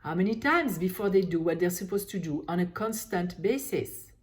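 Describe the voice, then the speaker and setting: Slow-speaking woman guiding a tapping session. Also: on the low side, lively intonation. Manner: slow, repetitive phrases voicing frustration while tapping points. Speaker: EFT tapping coach.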